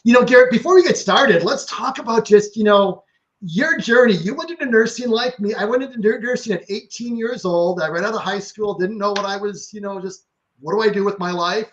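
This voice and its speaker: A man's voice: sits high, fairly quick, fairly bright tone, muffled recording. A man hosting a nursing education interview, earnest and sincere, with many "you know" fillers. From Minnesota. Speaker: podcast host. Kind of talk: interview conversation.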